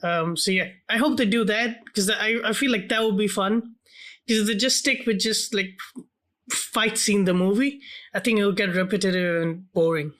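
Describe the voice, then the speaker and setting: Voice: mid-range voice, normal speed, fairly bright tone. A podcast co-host in casual chat, laid-back and hesitant, with many fillers.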